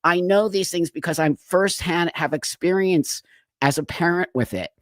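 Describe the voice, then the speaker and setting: A man's voice: sits high, moderate pace, no echo, studio quality. A middle-aged man hosting a live stream, talking earnestly and emphatically, his voice cracking with emotion.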